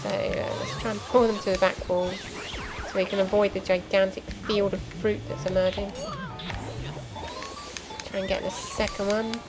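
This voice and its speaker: A woman's voice: mid-range voice, level tone, moderate pace, rough recording. A young woman giving chatty, explanatory let's play commentary with lots of ums and asides. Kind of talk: casual gameplay commentary. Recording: game music playing clearly behind. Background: game music.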